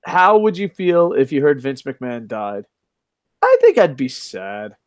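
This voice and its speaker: A man's voice: mid-range voice, very animated, a little slow, no room sound, studio quality. A middle-aged man hosting a casual live-stream chat, reading viewer comments aloud, swearing freely and laughing often. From lives in Japan. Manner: profane, joking, laughs often. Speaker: podcast host reading chat.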